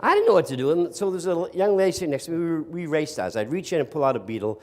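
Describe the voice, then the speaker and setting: In a storytelling workshop before a live audience of teachers, an older East Coast man talks sarcastically and quizzes the room. His fairly high, expressive voice is a little mellow and races along very fast with few pauses.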